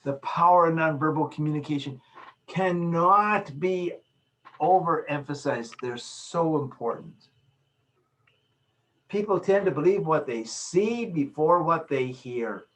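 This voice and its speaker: A man's voice: fairly high pitch, expressive, a little slow. A man lecturing in a recorded video session, emphatic, repeating his key phrases and acting out small examples. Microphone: video call.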